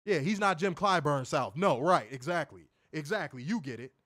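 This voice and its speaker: Man, wrestling show co-host, high voice, lively swings in pitch, profane casual rant. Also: moderate pace. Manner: animated, swears freely, mimics voices, laughs loudly. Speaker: podcast co-host reviewing wrestling.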